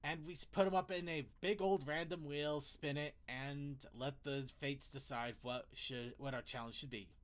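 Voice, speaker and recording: A man's voice: fairly high pitch, fairly even intonation, normal speed, few pauses. A man hosting a casual online panel show, rambling through segments, laughing often and restarting his words. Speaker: podcast host.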